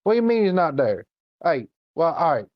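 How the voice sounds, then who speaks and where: A man voicing an excited, dim-witted hillbilly redneck yelling into a phone. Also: a little high, brisk, no room sound, dull audio, pitched above the performer's own voice. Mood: frantic. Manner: frantic, shouting, rambling.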